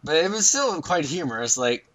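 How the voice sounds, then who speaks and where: A man's voice: fairly high pitch, very animated, normal speed, a bit bright. A man co-hosting a casual podcast, joking around and laughing often. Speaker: podcast co-host. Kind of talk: casual chat.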